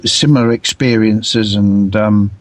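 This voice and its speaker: A man, a guest author on a radio interview, speaking haltingly and repeating words as he thinks. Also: lowish voice, steady tone, no room sound.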